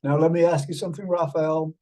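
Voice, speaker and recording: A show host talks fast over a video call with an AI companion, his fairly high voice steady in tone and a little mellow, though the recording is rough. Adopting a put-on British accent, he chats and rambles with lots of fillers, calling his listener "mate."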